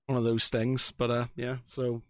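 A man's voice: medium pitch, moderate pace, dry recording, studio quality. Rambling Northern Irish man. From Northern Ireland. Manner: rambling, animated storyteller with frequent fillers. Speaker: podcast co-host. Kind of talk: casual chat.

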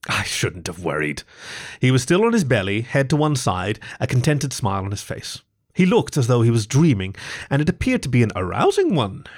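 A man narrating a story for a podcast in a wry, dry manner. His voice sits at a middle pitch but rises and falls a great deal as he tells it. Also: wildly swooping pitch, moderate pace, darkish tone. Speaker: story reader and podcast host.

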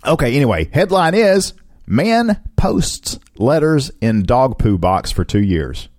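Brief: giggly male co-host, lively up-and-down voice, dry close sound. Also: mid-range voice, a little slow, no echo. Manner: giggly, laughs often while reading. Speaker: podcast co-host. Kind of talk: casual chat reading odd news stories.

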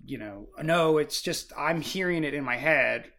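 A man talking casually about a book with friends. His voice sits a bit higher than most men's. He rambles, circling his point with constant fillers. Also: unhurried, gravelly, fairly bright tone. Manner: rambling, full of "like" and "you know". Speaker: book discussion co-host. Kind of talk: casual chat.

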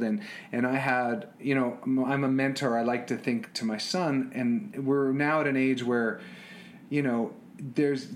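A middle-aged man telling personal stories about being a father, animated, often repeating words and restarting sentences. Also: medium pitch. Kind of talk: casual storytelling.

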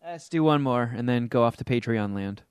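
A man co-hosting a casual podcast, making wry, deadpan asides. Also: medium pitch, normal speed, clear, resonant tone, no echo, clean studio sound. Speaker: podcast co-host.

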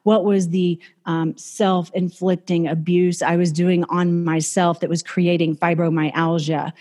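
A woman's voice: on the low side, steady tone, a little slow, a little mellow. A woman life coach hosting her own show, giving a casual, enthusiastic motivational talk that encourages her listeners. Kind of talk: motivational self-help talk.

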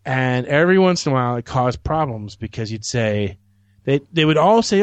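A man's voice: medium pitch, animated, a little fast, no echo. A man hosting a podcast, telling a long anecdote in a rambling way with many restarts. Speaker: podcast host. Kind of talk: casual chat, anecdote.

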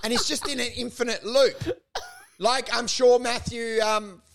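A man's voice: extremely high pitch, fairly even intonation, unhurried, vocal fry, fairly bright tone. A man co-hosting a comedy podcast, riffing in casual banter and acting out mock dialogues in silly voices. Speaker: podcast co-host.

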